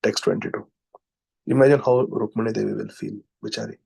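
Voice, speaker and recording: A man reading devotional scripture aloud, chanting Sanskrit verses slowly and then explaining them in English. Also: fairly low pitch, steady tone, gravelly, mellow, husky. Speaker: scripture reader and preacher.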